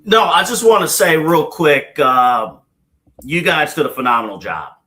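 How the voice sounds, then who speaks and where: A man's voice: fairly high pitch, expressive, normal speed, bright, forceful tone. A man hosting a podcast in casual chat, giving lavish praise and filling his talk with uh and um. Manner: effusive praise, heavy with uh and um. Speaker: podcast host.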